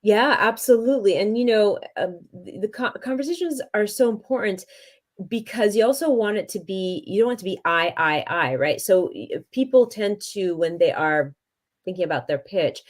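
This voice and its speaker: A woman's voice: medium pitch, animated, normal speed. A woman hosting a business podcast interview, talking casually with frequent restarts and fillers. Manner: chatty, many restarts and fillers. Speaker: podcast host.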